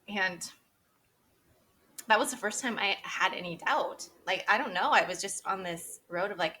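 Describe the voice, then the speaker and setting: A woman's voice: medium pitch, normal speed, sharp tone. A woman in her thirties, a podcast interview guest, telling her personal story candidly and with feeling, laughing often and quoting what she and others said.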